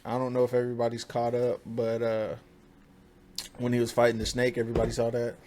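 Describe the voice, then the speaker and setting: A man's voice: medium pitch, completely flat delivery, quick pace, crowd noise. A man co-hosting an anime podcast, talking in a laid-back, rambling way. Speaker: podcast co-host. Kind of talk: casual chat.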